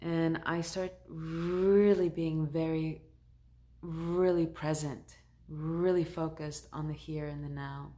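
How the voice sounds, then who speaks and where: A woman who works as a shaman, recounting a personal story in a conversational, animated way. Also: low voice, slow.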